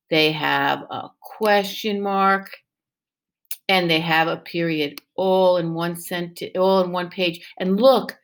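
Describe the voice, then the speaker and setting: A woman teaching first grade, reading a picture book aloud to young children and coaxing them with questions. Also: on the low side. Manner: animated and encouraging, with exaggerated questions to the class.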